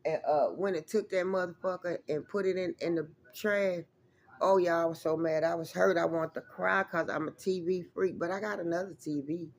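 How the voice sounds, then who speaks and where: A woman's voice: on the low side, fairly even intonation, normal speed, slight background noise. Woman rambling through a profane story. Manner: rambling, emphatic, profane, addresses viewers as y'all. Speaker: vlogger. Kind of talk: casual storytelling to viewers.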